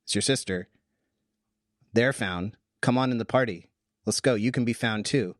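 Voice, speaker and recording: A man hosting a podcast, talking through a Bible passage casually, animated and full of restarts. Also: fairly low pitch, moderate pace, no room sound, clean studio sound. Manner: animated, thinks aloud with restarts. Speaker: podcast host.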